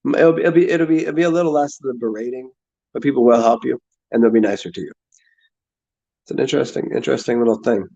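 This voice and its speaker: A man chatting casually to his viewers, halting and repeating words, often restarting his sentences and swearing now and then. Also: mid-range voice, gravelly, mellow. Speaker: streamer answering chat. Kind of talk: casual rambling chat. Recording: dull lo-fi sound.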